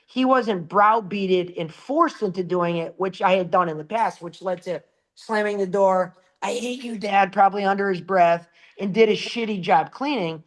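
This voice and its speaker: A middle-aged man in a casual podcast chat, telling lively anecdotes about selling shower doors and acting out the quotes, swearing now and then. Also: high-pitched, moderate pace. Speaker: shower door salesperson.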